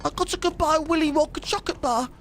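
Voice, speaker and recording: A British man voicing a pleading young Victorian chimney sweep boy, begging in a high whine. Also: rapid-fire, a bit bright, a little hiss or hum.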